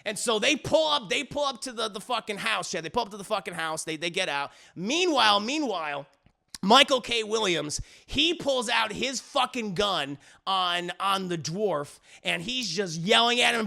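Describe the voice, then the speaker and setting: Gravelly, profane streamer rambling through a recap. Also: male voice, sits high, animated, normal speed, sharp tone. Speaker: streamer reviewing a show. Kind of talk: casual live-stream recap.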